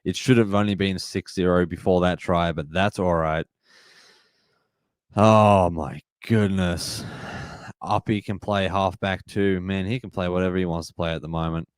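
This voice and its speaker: A man hosting a live match-reaction stream, excitable and emotional, shouting at big plays. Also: low-pitched, moderate pace, clear, resonant tone, no room sound.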